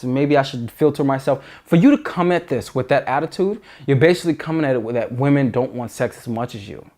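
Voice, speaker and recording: A man's voice: medium pitch, fairly quick, few pauses, a little mellow. A man giving dating advice in an earnest, emphatic monologue, often restarting sentences. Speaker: dating coach.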